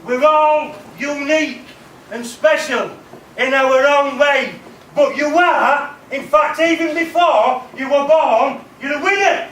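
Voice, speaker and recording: High-voiced man speaking with a stammer. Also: slow, a bit bright, slight background noise. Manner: emphatic, repeats key words. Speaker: keynote speaker. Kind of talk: motivational talk to students. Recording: roomy, distant mic, faint music.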